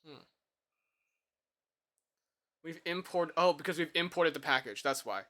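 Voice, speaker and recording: Bright, chatty male streamer thinking aloud. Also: fairly high pitch, lively intonation, unhurried. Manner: chatty, thinks aloud, self-deprecating, laughs easily. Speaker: live streamer. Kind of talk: casual live-stream chat while coding.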